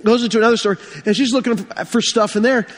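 A high-pitched male pastor delivers an earnest sermon, weaving stories and repeating key phrases. His voice is husky after a week of illness, and it rings out with a long hall reverb. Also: fast talker.

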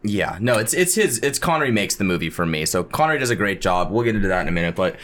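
A man's voice: lowish voice, fast. A man in casual chat, eagerly retelling movie scenes and quoting lines, full of "like" and swearing. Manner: animated retelling, quotes lines with lots of "like". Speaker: podcast co-host discussing a movie.

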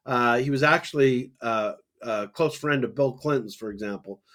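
A man co-hosting a religious discussion podcast, talking in a halting way with many fillers and restarts. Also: medium pitch, fairly bright tone. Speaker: podcast co-host.

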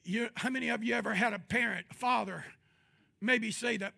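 A pastor delivering a sermon, moving between quiet, measured talk and loud, drawn-out shouts. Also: male voice, very high-pitched, creaky. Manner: drawn-out, emphatic phrasing.

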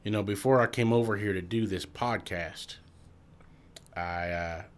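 A man's voice: lowish voice, unhurried. A man co-hosting a podcast in dry, teasing casual chat. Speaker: podcast co-host.

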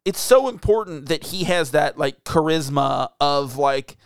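A man talks through a movie in relaxed podcast banter, rambling with plenty of fillers. His voice is smooth and clear and sits fairly high, close to the mic in a dry, dead room. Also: unhurried, dry recording. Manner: rambling, filler-heavy, laughing. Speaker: podcast co-host. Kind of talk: casual movie review chat.

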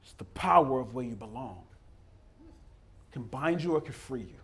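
A man's voice: medium pitch, lively intonation, moderate pace, slightly rough. A man preaching a sermon in an emphatic, conversational way, addressing his listeners as beloved.

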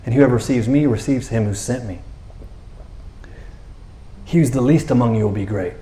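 A man's voice: medium pitch, normal speed, roomy sound. A man preaching a sermon as pastor, telling the story in a casual, joking way and acting out the characters' lines. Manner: animated, jokey storytelling with acted-out dialogue. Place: church.

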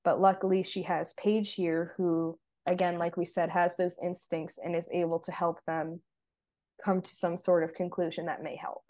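Warm low-voiced woman recapping a show. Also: little pitch movement, normal speed. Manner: chatty, retells scenes with many "like"s. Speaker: podcast co-host. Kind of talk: casual TV episode recap.

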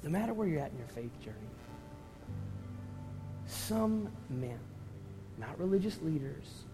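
Emotional pastor in an echoing church. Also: male voice, fairly high pitch, expressive, moderate pace, long pauses. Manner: emotional, storytelling, swings from loud to hushed. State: tearful at times. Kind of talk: sermon. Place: church sanctuary. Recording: church hall reverb with music.

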